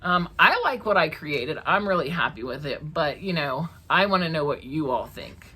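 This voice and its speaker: Husky low-voiced woman, chatty craft vlogger. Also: expressive, normal speed, sharp tone. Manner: chatty, emotional, laughs often. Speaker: craft channel host. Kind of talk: casual chat to camera. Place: crafting room at home.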